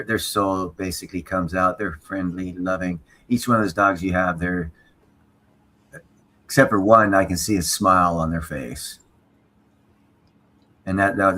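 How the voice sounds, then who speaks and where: A man's voice: low-pitched, pushed and bright. A man chatting on a casual livestream, blunt and opinionated, swearing freely.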